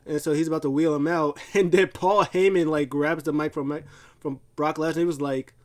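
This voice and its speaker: A man's voice: a little high, steady tone, moderate pace. A man casually recapping a wrestling show, rambling with lots of fillers and restarts. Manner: rambling, filler-heavy storytelling.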